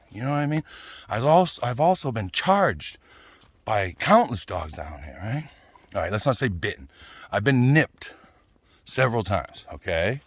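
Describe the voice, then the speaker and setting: A man's voice: mid-range voice, no room sound. A man ranting casually, blunt and swearing, often tagging "right?" and "you know?". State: out of breath at times. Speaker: vlogger.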